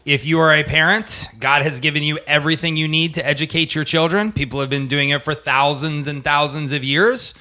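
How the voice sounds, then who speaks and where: A man's voice: fairly high pitch, steady tone, a little fast, few pauses, bright, forceful tone. A man, a middle school history teacher, chatting as a guest in a podcast studio, laughing often and speeding up when he jokes. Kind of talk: casual interview chat. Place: podcast studio with guitars and amps.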